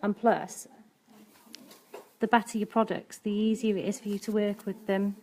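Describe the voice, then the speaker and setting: A woman's voice: mid-range voice, little pitch movement, normal speed, dark tone, slight background noise. A woman nail technician and educator giving a chatty, practical live-streamed nail art demonstration, with frequent ums as she works.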